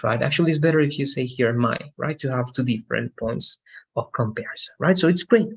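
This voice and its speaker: A man's voice: on the high side, expressive, brisk, breathy edge, muffled recording. A man teaching an English lesson on a video call, explaining patiently and often checking with "right?". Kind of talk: online language lesson.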